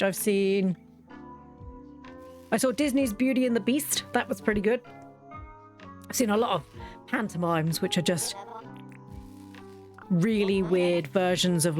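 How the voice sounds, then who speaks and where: A woman hosting a relaxed let's-play, talking over her game in a chatty, wandering way and often circling back mid-sentence. Her pitch sits in an ordinary middle range. Soft game music hums faintly behind her. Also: measured pace, pauses often. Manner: chatty, rambling, self-interrupting. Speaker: gaming channel host. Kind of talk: casual let's-play commentary.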